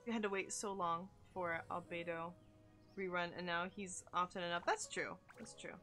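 A young woman streaming a game, chatting with viewers in an excitable, gushing way. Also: fairly low pitch, moderate pace. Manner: excitable, gushing, squeals and laughs, chats with viewers. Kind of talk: live game-stream chat. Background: game music.

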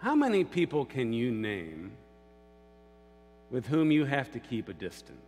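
A man's voice: medium pitch, wildly swooping pitch, measured pace, darkish tone. A male pastor giving a sermon in a church, telling the story dramatically and acting out the voices. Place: church sanctuary. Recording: long church reverb, faint music.

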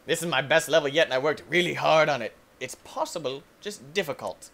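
A young man hosting a gaming video, giving goofy, excitable let's-play commentary that breaks into yelps and shouts. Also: fairly high pitch, fairly quick, few pauses.

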